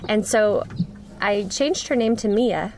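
A woman's voice: mid-range voice, darkish tone, a little hiss or hum. Earnest woman telling her story. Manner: earnest, with frequent pauses and restarts. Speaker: interview guest. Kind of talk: conversational storytelling.

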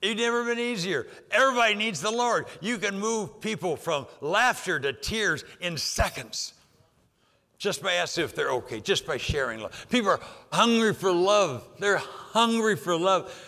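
An older man preaching a sermon, emphatic and repetitive, pushing some lines loud and dropping others low for effect. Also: lively intonation, moderate pace. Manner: emphatic, rising and dropping for effect, repeats phrases. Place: church sanctuary. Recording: long hall reverb.

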